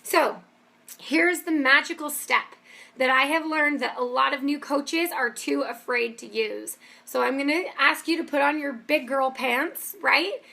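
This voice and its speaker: A woman's voice: high-pitched, a little slow, gravelly, pushed and bright. A woman giving an upbeat, emphatic motivational training talk as a business coach. She keeps checking in with her listeners with "okay?".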